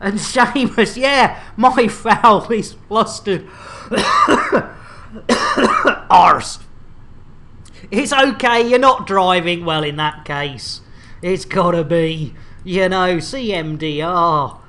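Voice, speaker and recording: A woman's voice: fairly low pitch, big pitch swings, very slow, pushed and bright. A woman hosting a game stream, joking and bantering with bawdy humour. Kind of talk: casual game-stream chat.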